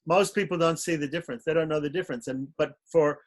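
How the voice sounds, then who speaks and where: A man hosting a casual talk, giving advice in a reflective, halting way, with many restarts. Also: on the high side.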